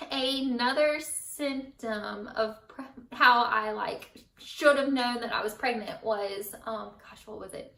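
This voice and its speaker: A young mother talks to her viewers in a loose, rambling chat, full of fillers and little laughs. Her voice is fairly high and bright. It sits back from the mic in a room with a noticeable echo. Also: far from the mic. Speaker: vlogger, mother. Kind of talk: casual chat to camera.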